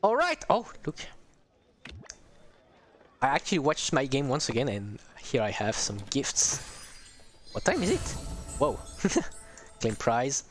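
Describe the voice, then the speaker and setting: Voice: medium pitch, wildly swooping pitch, slow, pauses often. A streamer giving casual, rambling commentary on a strategy game, talking to viewers with many hesitations.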